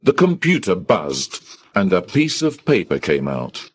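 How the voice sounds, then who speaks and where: A man narrating a folktale in first person, reading a scripted story slowly and deliberately. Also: low-pitched, huge pitch swings, slightly rough.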